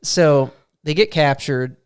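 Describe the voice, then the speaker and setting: A man co-hosting a podcast, casually telling a tabletop game story with plenty of swearing and quick acted-out character lines. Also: fairly high pitch, clean tone. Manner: animated storyteller, swearing freely, acts out goblin quotes. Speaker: podcast co-host. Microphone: studio microphone.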